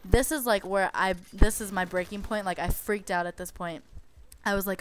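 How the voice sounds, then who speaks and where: A woman's voice: medium pitch, steady tone, moderate pace. A young woman casually telling a story over game footage, chatty and exasperated, with lots of "like".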